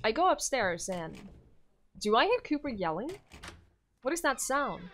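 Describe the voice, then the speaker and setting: A woman streamer reading a visual novel aloud in an expressive, lively way. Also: a little high, measured pace.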